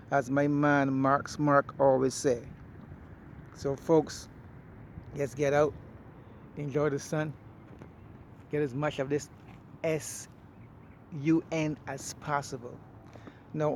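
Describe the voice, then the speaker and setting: A man speaks with a somewhat raised pitch while he walks through an outdoor park. He holds a phone to record himself. His delivery is casual but blunt and preachy, and faint traffic hums behind him. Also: a little mellow. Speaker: vlogger. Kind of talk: casual walking monologue.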